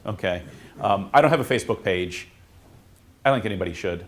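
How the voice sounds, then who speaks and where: A man, a priest, teaching students in a classroom in a casual, halting way, with many fillers and restarts. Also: on the low side, lively intonation. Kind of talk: informal classroom talk.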